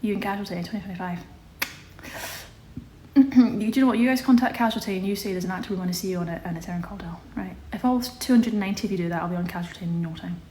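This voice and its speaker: A woman's voice: medium pitch, quick pace, warm tone, a little hiss or hum. A young woman chatting casually on a live stream, reading out viewer questions and answering them. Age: young adult. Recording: echoey room with faint ambience.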